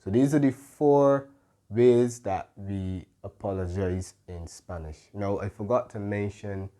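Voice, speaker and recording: A man tutoring Spanish in English, unhurried and explanatory, often checking in with "right?" and "mm-hmm.". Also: fairly low pitch, mellow.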